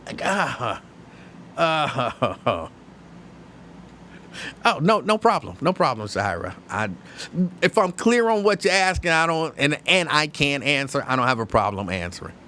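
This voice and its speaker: A man from hosting a live-stream show, chatting casually and reading viewer comments, opinionated and halting, with many restarts. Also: a little high, very animated, sharp tone, slight background noise. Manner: conversational, opinionated, halting with frequent restarts and fillers.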